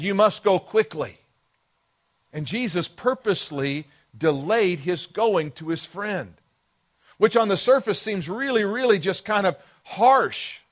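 A man preaching a sermon as pastor, earnest and expressive, slowing down for emphatic pauses. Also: on the high side.

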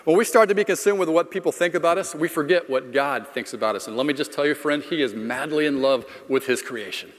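A man's voice: on the high side, fast, few pauses. A middle-aged man from Florida preaching a sermon, telling a personal story in a conversational, self-deprecating way. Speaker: pastor. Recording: long hall reverb.

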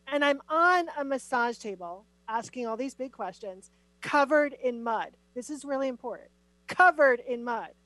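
A middle-aged woman with a fairly high voice talks as a podcast guest, telling her story with animated, emphatic energy. The recording is dry and close, with no room sound around her. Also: moderate pace, no room sound, poor audio. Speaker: podcast guest, spiritual teacher. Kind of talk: conversational podcast interview.

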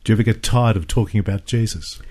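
A man's voice: lowish voice, quick pace, darkish tone. A man hosting a radio interview, asking questions in a friendly, conversational way. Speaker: radio host.

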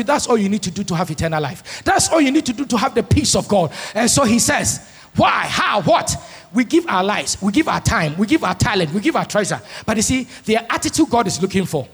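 Man preaching, high voice, husky tone, emphatic sung-out shouts, long church reverb. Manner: emphatic, swings between soft asides and shouted sung lines. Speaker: pastor. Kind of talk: sermon. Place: large church hall.

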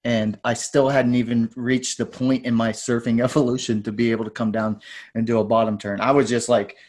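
A man in his forties talks as a podcast guest. He rambles and drifts onto tangents. He gets animated when he repeats what other people said. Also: mid-range voice, brisk. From United States. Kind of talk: casual storytelling interview.

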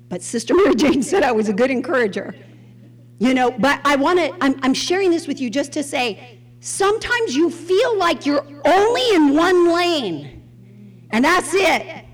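A high-pitched woman delivers a sermon full of personal stories. She talks in an animated way and laughs often. She acts out the voices of people she quotes. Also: big-room sound. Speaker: speaker at a women's Bible study. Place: Houston church gathering.

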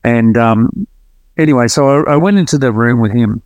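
A man of medium pitch and moderate pace speaks on a podcast, the audio dull but free of echo. He tells the host his story in an earnest, lively, casual way, often beginning sentences again.

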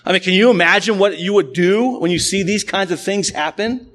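A man pastor preaching a sermon to a congregation in an animated, conversational, storytelling way. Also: sits high, brisk.

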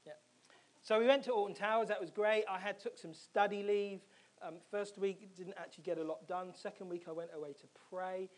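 A man preaching a sermon, telling a personal story in a lively way and acting out his own reactions. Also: sits high, brisk. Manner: animated storytelling, acts out his own screams and quotes. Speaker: pastor.

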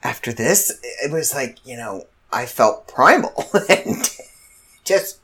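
A middle-aged woman telling a story in casual chat, animated and laughing as she acts out the other people. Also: a bass voice, slow pace. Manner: animated, laughs through her story, quotes others in shifting voices. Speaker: vlogger.

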